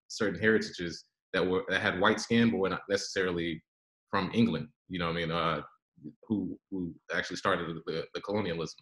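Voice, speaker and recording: A man's voice: sits low, fairly bright tone, echoey room, poor audio. A man, a guest author, explaining his ideas earnestly in a podcast interview.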